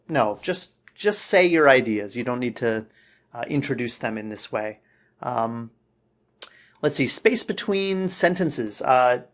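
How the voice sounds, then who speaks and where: Guy english teacher going over feedback, chill, keeps saying okay, explains things slow and clear. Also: mid-range voice. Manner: relaxed, explanatory, says okay often. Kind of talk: spoken feedback lesson.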